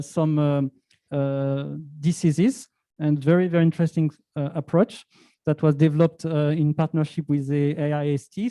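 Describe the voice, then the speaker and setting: High-voiced man hosting a pitch event. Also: mellow, dry recording. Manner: chatty, loose and rambling. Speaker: event moderator.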